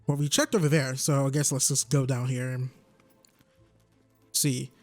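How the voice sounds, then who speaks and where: A man's voice: mid-range voice, level tone, moderate pace, soft background music. A man in his twenties rambling and joking as he commentates a video game. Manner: rambling, joking, talks to himself. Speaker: gaming YouTuber.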